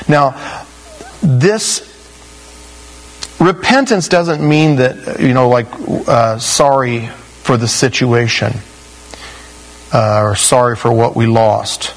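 A man's voice: medium pitch, rough recording. A man preaching a sermon, telling stories with animation and acting out the voices of the people he quotes. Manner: animated storytelling, acts out quoted voices, laughs at his own stories. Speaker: pastor.

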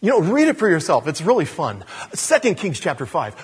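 A man preaching a sermon in an animated storytelling style, acting out the scenes he tells. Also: a little high, brisk, few pauses, slightly rough, long reverb tail.

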